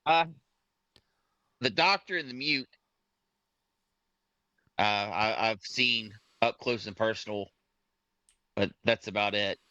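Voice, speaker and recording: A man playing a tabletop game, speaking in a hesitant, halting way. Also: on the low side, bright, forceful tone, smooth, dry recording. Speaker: player. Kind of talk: casual tabletop play. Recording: dull lo-fi mic.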